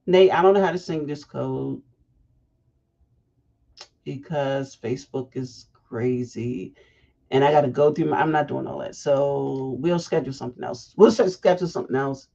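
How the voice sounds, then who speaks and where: A woman hosting a casual livestream, chatty and animated, breaking off into asides. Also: a bass voice, normal speed, vocal fry. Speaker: fashion week organizer hosting a livestream. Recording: dull lo-fi livestream audio.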